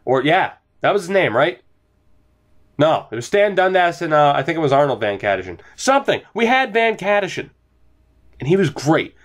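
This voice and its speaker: Brief: young male gamer, animated swings in pitch, sweary and hyped play-by-play commentary. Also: normal speed. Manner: excitable, swears, rants then talks softly to his dog. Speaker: gaming YouTuber.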